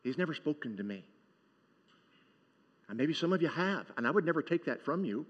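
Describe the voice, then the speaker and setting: Man, pastor, sermon, higher voice, conversational jokes, dull sound, long church reverb. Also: lively intonation, brisk. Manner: conversational and joking, asks the congregation for responses.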